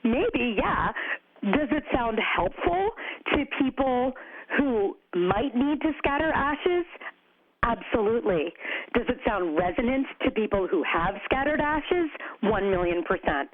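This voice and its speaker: A woman speaks as a podcast guest, open and animated, her sentences full of "like" and "you know". Her voice comes through a thin, phone-like line. The sound is dry and close, with no room around it. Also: a little high, a little slow, dry recording. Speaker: podcast guest, co-founder of a grief community. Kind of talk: conversational interview.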